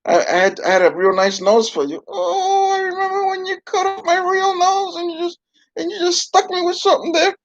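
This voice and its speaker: A man's voice: very high-pitched, animated, fairly quick, voice pushed up. A man voicing a whiny, melodramatic young girl puppet who wails and complains, on a dull, dry lo-fi recording. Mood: distressed.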